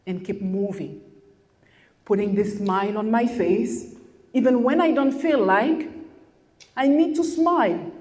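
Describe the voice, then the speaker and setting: A woman's voice: a little high, darkish tone. A woman leading a masterclass, speaking candidly and emotionally to an audience, often repeating phrases for emphasis. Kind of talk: emotional personal talk to an audience. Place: hotel event room. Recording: long hall reverb.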